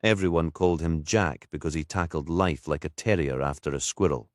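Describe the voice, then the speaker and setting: A man reading a crime novel aloud in steady, scripted audiobook narration. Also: a bass voice, a little fast, no room sound, studio quality.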